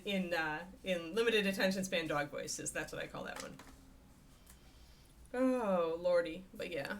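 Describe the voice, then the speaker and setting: A woman livestreams from home while painting miniatures, her mid-range, sharp-toned voice going into a desk USB microphone at face level, with slight background noise. She chats casually, rambling and laughing, clearly amused with herself.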